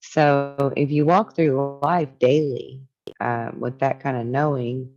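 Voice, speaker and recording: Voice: medium pitch, fairly even intonation, takes it slowly, darkish tone, highs cut off. A spiritual teacher talking casually and reflectively, reading from a book and musing on its ideas.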